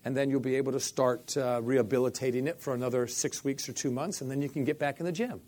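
Middle-aged man, storyteller, acts out every line of dialogue, mid-pitched voice. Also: quick pace, hardly any pauses. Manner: animated storyteller, acts out quoted dialogue, repeats "I said". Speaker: faith healing minister telling a story. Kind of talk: storytelling interview.

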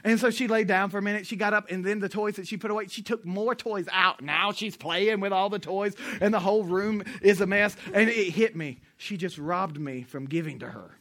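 A man's voice: high-pitched, fairly quick, few pauses, fairly bright tone. A man preaching a sermon in a conversational, storytelling way, drawing call-and-response from the congregation. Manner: conversational, storytelling, with asides to the audience. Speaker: pastor.

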